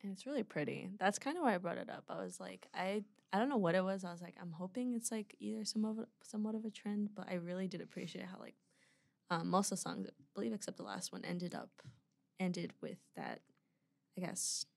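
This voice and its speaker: A woman's voice: medium pitch, very animated, a little fast, vocal fry, no echo. A woman hosting a radio show, chatting casually and often searching for words among many fillers. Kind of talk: casual interview chat. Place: radio studio.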